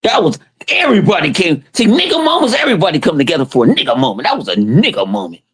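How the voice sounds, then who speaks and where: A man chats loosely on his podcast and tells stories full of cursing, and he often slips into other people's voices. His pitch jumps around a lot, and it sits a little above the usual for a man. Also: fast talker, breathy edge. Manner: animated, profane storytelling with quoted voices. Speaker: podcast host. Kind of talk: casual chat.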